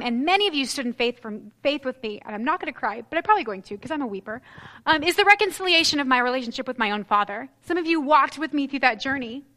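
A woman preaching a sermon in an earnest, expressive way, reading scripture aloud and lifting her voice for emphasis. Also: high voice. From United States.

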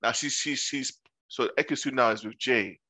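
A man's voice: mid-range voice, normal speed, bright, forceful tone, no room sound. A young man retelling reality-show drama in casual slangy chat, voicing the people he quotes.

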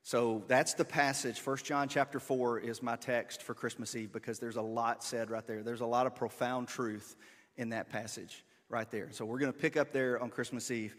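A pastor giving a relaxed, conversational sermon with asides to his congregation. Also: medium pitch, moderate pace. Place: church sanctuary. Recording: long hall reverb.

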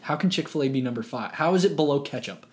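A man's voice: medium pitch, expressive. Playfully exasperated young man. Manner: playfully exasperated, quick to mock outrage. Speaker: podcast co-host. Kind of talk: casual chat.

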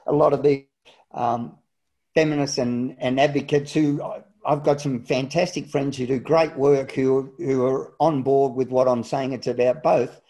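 A man's voice: mid-range voice, steady tone, moderate pace, warm tone. A man in his fifties with an Australian accent, a guest talking earnestly and emphatically about fatherhood. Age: 50s. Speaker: podcast guest, solo dad. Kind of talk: casual interview chat.

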